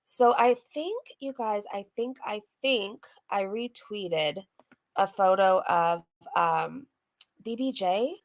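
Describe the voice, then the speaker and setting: A woman's voice: mid-range voice, slow. A woman hosting a casual commentary show, chatting with her viewers and laughing between clips. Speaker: commentary host.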